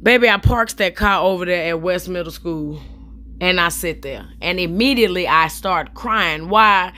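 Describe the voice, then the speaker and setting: Bright, sassy young woman storyteller. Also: lowish voice, moderate pace. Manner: animated, profane, sassy storytelling with direct asides to viewers. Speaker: comedian telling a story while styling her hair. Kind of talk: storytime vlog.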